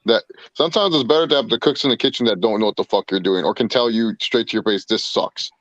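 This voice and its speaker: A man's voice: medium pitch, fast talker, fairly bright tone, no room sound, muffled recording. A man co-hosting a casual watch-along chat, brash and profane, joking and mocking people. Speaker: podcast co-host.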